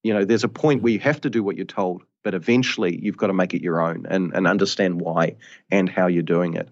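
A man's voice: low-pitched, steady tone, fairly quick, a little mellow, dull audio. A man from New Zealand, a karate instructor, talking casually in a podcast interview and often saying "you know". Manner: thoughtful, rambling, frequent "you know".

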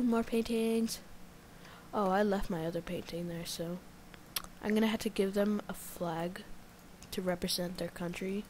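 A woman from India with an Indian accent giving let's-play commentary, excitable, muttering and whispering to herself between loud outbursts. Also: medium pitch, unhurried, slight background noise. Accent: Indian English. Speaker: gamer.

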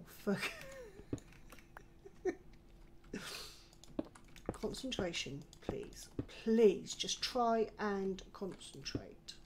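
An older British woman narrates her own gameplay in a gravelly, creaky voice. She chats to herself as she goes, scolds herself now and then, and sometimes slips into muttered whispers. The home recording carries clear background noise and clicking. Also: mid-range voice. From United Kingdom. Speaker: gaming channel host. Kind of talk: casual gameplay commentary.

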